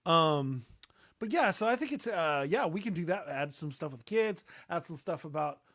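A man's voice: fairly high pitch, expressive, normal speed, a bit bright, dry recording, clean studio sound. A young man chatting casually as a podcast host, rambling with lots of fillers and restarts. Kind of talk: casual chat.

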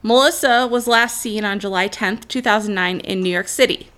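A woman's voice: mid-range voice, moderate pace, fairly bright tone. A woman hosting a true crime show, narrating a case in an earnest, openly emotional way. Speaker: true crime podcast host.

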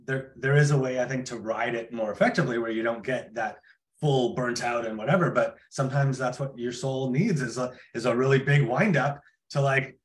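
A man hosting a casual spiritual chat, talking in a relaxed, rambling way with many fillers. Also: medium pitch, a little fast. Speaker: host.

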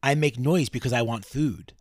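A man's voice: medium pitch, normal speed, dry recording, studio quality, natural voice. A man voicing a desperate, starving young woman ghost in short, clipped answers. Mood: flat.

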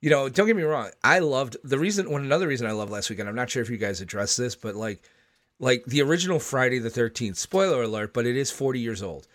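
A man co-hosts a casual podcast chat, animated and fond of jokes. His voice sits at an ordinary middle pitch. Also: fast talker.

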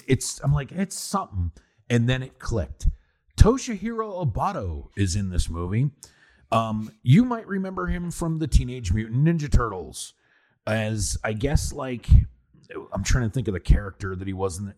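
Male podcast co-host, mid-pitch, very expressive delivery, profane casual banter. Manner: animated, swearing, laughing, restarts mid-sentence. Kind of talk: casual chat, movie review.

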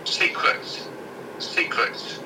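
A man reads news headlines aloud during casual banter, swearing freely and tripping over the harder words. He sits well back from the microphone, and loud background noise runs under everything he says. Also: extremely slow, far from the mic, poor audio. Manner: irreverent, sweary, stumbles while reading aloud. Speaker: co-host reading out news headlines.

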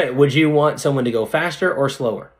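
A young male dentist chatting casually as a podcast guest, animated and slangy, often asking "right?" and calling the listener "dude". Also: mid-range voice, moderate pace.

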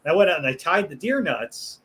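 A man's voice: fairly high pitch, sing-song, a little fast, fairly bright tone, a little hiss or hum. A man who works as a butcher, telling a rowdy story in casual chat. He swears freely, laughs as he goes and raises his voice to act out what others said. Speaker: butcher and podcast guest.

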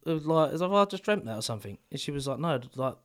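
A man's voice: a little high, expressive, rapid-fire, a bit bright. A man, co-hosting a podcast and telling a sweary story in casual chat. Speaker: podcast co-host.

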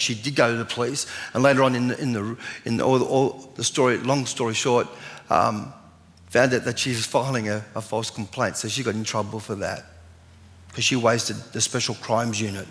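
Pastor preaching in an echoing hall. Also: male voice, mid-range voice, a bit bright. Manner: earnest, storytelling preacher who reads scripture aloud. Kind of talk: sermon. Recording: long hall reverb.

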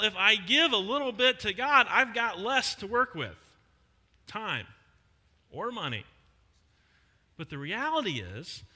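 A middle-aged male pastor preaching a sermon in a conversational way, with emphatic pauses on key words. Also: sits high, bright, forceful tone. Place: church hall. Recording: long hall reverb.

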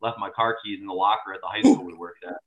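A low-voiced man hosts a podcast over a thin, phone-like line. He jokes around loosely, then reads out upcoming events in a punchy announcer delivery. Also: sing-song, quick pace, creaky, crowd noise. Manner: loud, joking, shifts into an announcer read. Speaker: podcast host and promoter. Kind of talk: casual podcast chat.

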